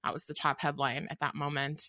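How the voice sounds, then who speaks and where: A woman's voice: low voice, flat delivery, fairly quick, sharp tone, dry recording. A woman author in an interview, speaking thoughtfully and earnestly, with frequent ums and restarts. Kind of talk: reflective interview talk.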